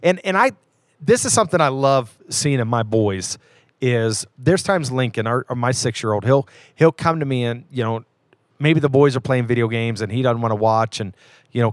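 A man's voice: medium pitch, animated, normal speed, no room sound. Man in his thirties, casual chat, earnest, storytelling, dry room. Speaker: podcast co-host.

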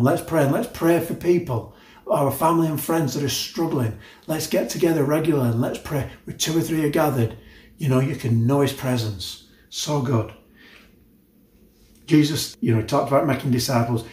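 A man's voice: mid-range voice, normal speed, darkish tone, echoey room. A man preaching a sermon, earnest and conversational, with frequent asides to the listeners. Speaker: pastor.

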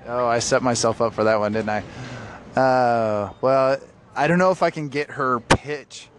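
A man's voice: medium pitch, a little slow, noisy background. A man co-hosting a casual podcast chat, self-deprecating and laughing often. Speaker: podcast co-host, narrator and horror author.

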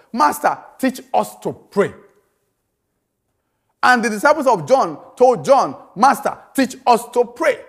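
A man preaching a sermon, emphatic, repeating phrases and asking rhetorical questions. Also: very high voice.

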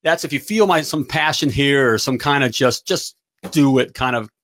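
A middle-aged man hosting a livestream as a business coach, giving an energetic pep talk and checking in with "all right?" again and again. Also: medium pitch, normal speed.

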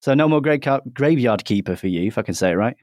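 A British man hosting a casual gaming podcast, chatty and animated, cracking jokes with his co-hosts. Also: medium pitch, fast, a little hiss or hum. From Britain. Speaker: podcast host.

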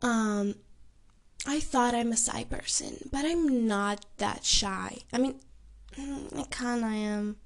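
Slow, hesitant young woman podcaster. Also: on the high side. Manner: hesitant, self-doubting. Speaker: podcast host. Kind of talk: personal podcast monologue.

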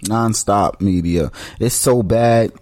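A man's voice: fairly low pitch, slow, darkish tone, no room sound, studio quality. A man co-hosting a podcast in loose, slangy casual chat. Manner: loose, slangy, laid-back. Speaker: podcast co-host.

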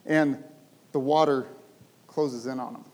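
A man's voice: medium pitch, steady tone, unhurried, a little mellow. A man preaching a sermon, telling a story with emphasis and asking his listeners rhetorical questions.

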